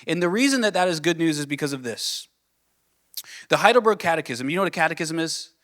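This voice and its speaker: A man preaching a sermon as pastor, earnest, asking the listeners questions and dropping to a soft, low voice on key points. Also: animated, quick pace. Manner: earnest, builds with rising questions then drops soft.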